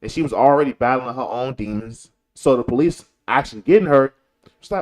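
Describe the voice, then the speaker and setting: A man's voice: mid-range voice, brisk. A man from Chicago talking in a casual, slangy commentary style, repeating points for emphasis. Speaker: commentary show host. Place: lives in Texas.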